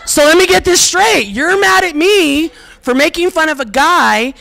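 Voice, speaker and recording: This middle-aged comedian works a theater stage at a moderate pace, her very high-pitched voice animated, a bit bright, and edged with vocal fry. She tells stories laced with brassy self-mockery and punchy lines to a live crowd in a historic theater, with slight background noise in the recording.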